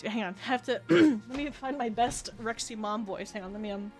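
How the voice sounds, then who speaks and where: A woman's voice: a little high, moderate pace, soft background music. A woman streamer from Canada chatting casually through a game, giggling often and swearing freely. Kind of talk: casual gaming stream chat.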